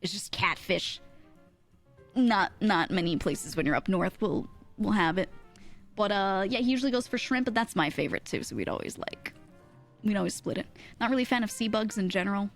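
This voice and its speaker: A young woman streamer telling a story in casual chat, animated, laughing often and full of fillers. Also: medium pitch, a little fast, faint music behind.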